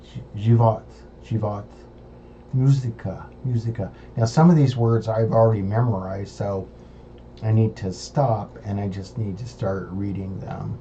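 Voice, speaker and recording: An American man with a low, mellow voice works slowly through his study material, pausing often and repeating sounds as he thinks aloud. The recording is a little dull, with a faint hiss underneath. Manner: halting, thinking aloud while sounding out words. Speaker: language learner. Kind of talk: self-recorded study session.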